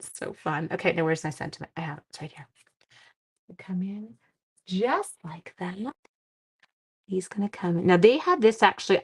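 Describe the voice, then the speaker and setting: Chatty middle-aged woman hosting a craft class. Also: medium pitch. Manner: chatty, rambling, digresses into family stories; talks to viewers while working with her hands. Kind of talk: live-streamed card-making demonstration.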